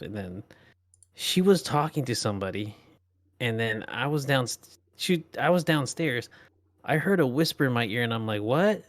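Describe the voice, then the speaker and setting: A man co-hosting a casual podcast, rambling through a ghost story with filler words and swearing. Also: on the low side. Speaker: podcast co-host. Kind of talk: casual chat, telling ghost stories.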